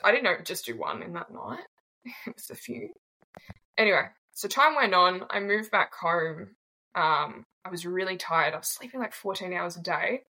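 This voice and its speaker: Australian woman, 20s, low voice, vocal fry, blunt, casual, candid storyteller. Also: animated, moderate pace, bright, forceful tone, low-quality recording. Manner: blunt, casual, swears freely. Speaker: guest.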